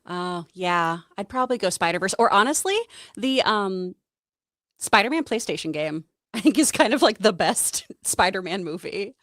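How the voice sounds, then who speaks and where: A woman's voice: mid-range voice, lively intonation, normal speed, fairly bright tone, no echo. Chatty woman co-host, dry sound. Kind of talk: casual chat.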